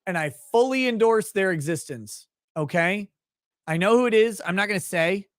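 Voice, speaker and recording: A man talks through a loose, profane livestream ramble, reacting to chat as he goes. His voice sits a bit on the high side for a man. The sound is dry and close, with no room around it. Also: lively intonation, moderate pace, a bit bright, dry recording. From Minnesota, USA. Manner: profane, rambling, laughs often. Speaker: livestream host reading chat.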